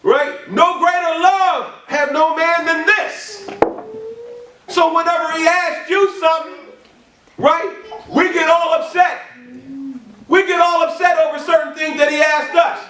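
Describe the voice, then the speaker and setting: A man preaching a sermon, repeating his points with emphasis and building up to shouts. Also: very high-pitched, fairly even intonation, measured pace. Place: church or ministry hall. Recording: echoey room from a distant mic.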